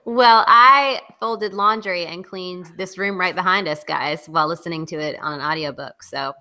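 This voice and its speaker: A woman's voice: fairly low pitch, normal speed, bright, forceful tone. A woman with a Southern American accent, co-hosting a casual book club chat, opinionated and chatty, laughing often. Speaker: podcast co-host.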